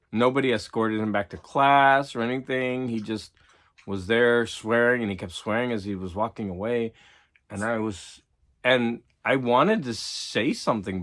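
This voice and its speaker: A middle-aged man, a teacher and collector, talks to camera in a loose, rambling monologue. He repeats himself, restarts, and leans heavily on "like." His voice is medium-pitched and fairly bright.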